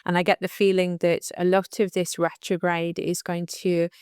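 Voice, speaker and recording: A woman astrologer with a slight lisp, giving a calm and unhurried monthly forecast. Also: fairly low pitch, smooth, no echo, clean studio sound. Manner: calm and unhurried, laughs at tricky numbers.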